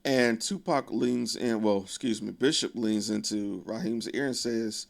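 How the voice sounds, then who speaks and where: A man's voice: fairly low pitch, a little slow, vocal fry. A man casually retelling a film plot in a profane, conversational way with wry asides. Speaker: video creator.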